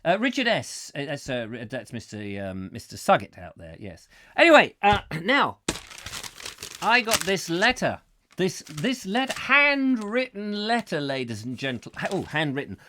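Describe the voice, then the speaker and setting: A man's voice: on the high side, wildly swooping pitch, normal speed, pushed and bright, slight background noise. A middle-aged man hosting a comic live chat show, rambling playfully and breaking into silly voices and sung sound effects.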